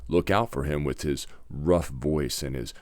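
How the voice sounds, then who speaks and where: A man's voice: very deep voice, measured pace, darkish tone, no room sound. A man voicing a loving mother goose in a storybook reading, earnest and warning.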